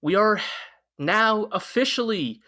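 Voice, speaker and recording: Man, podcast co-host, bright tense voice, fairly high, excitable, rambling, swears. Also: takes it slowly. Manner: excitable, profane, rambling with many restarts. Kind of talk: casual anime review chat.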